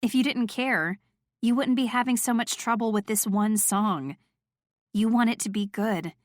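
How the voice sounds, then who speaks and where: A woman's voice: on the high side, moderate pace, no room sound, studio quality. Woman narrating a romance audiobook. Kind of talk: first-person romance narration.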